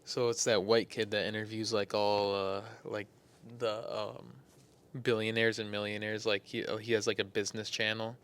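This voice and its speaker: A man's voice: lowish voice, flat delivery, moderate pace, fairly bright tone, clear, resonant tone. A young man co-hosting a casual podcast, rambling and trailing off with many fillers. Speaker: podcast co-host. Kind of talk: casual chat.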